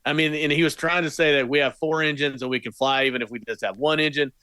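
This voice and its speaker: A man's voice: fairly high pitch, steady tone, quick pace, sharp tone, smooth, no room sound. A man co-hosting a podcast, asking questions and correcting plot details in casual movie talk. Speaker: podcast co-host.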